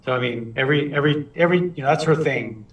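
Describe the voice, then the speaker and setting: A man's voice: a little high, fast talker. Guy chatting loose while he paints, kinda far off the mic in a roomy space. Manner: relaxed, chatty, lots of restarts. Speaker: watercolor instructor. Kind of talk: live painting demonstration with chat.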